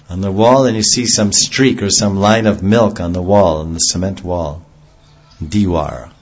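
A man with a low, husky voice preaches an earnest devotional sermon, explaining through homely everyday examples. The recording is dull and lo-fi.

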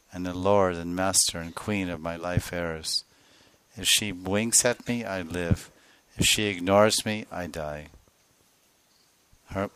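A man giving a devotional sermon as a spiritual teacher, telling a sacred story with soft laughs and acting out the voices of its figures. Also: deep voice, clean tone, no room sound. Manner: laughs softly between phrases.

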